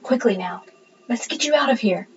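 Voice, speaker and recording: A woman's voice: on the high side, animated, moderate pace, dull audio, a little hiss or hum, close to an everyday voice. A woman doing a tart young ghost witch. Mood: urgent. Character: young ghost witch girl, sharp-tongued.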